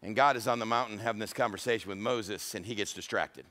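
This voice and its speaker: A man's voice: on the low side, quick pace, hardly any pauses, a bit bright. A male pastor preaching a humorous, storytelling sermon.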